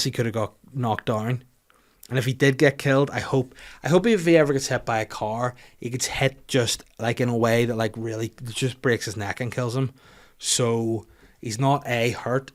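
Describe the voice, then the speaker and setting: Sweary Northern Irish man telling stories. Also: mid-range voice. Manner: swears freely, rambling animated storytelling. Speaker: comedian podcast host. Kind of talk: casual comic monologue.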